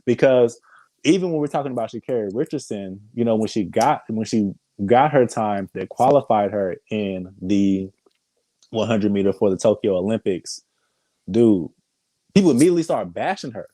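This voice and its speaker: Low, mellow-voiced man chatting casually. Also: moderate pace, no echo, low-quality recording. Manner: animated, hesitant restarts, slangy ("dude"). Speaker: podcast co-host. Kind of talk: casual chat.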